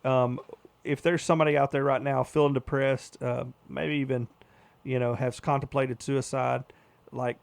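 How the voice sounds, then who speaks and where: A man's voice: mid-range voice, little pitch movement, moderate pace, creaky, no room sound. A male radio host talking casually, folksy and rambling, with many fillers.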